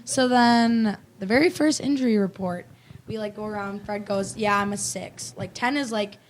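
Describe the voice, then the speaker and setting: A woman's voice: mid-range voice, moderate pace, slight background noise, poor audio. A young woman, a volleyball player, casually telling funny team anecdotes and laughing through them. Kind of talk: casual storytelling on a panel. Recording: loud crowd chatter behind.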